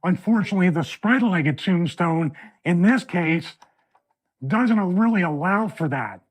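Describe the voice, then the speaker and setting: A man hosting a video breakdown from his home studio, analyzing a wrestling match in an animated way that builds toward a rant. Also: high voice, unhurried.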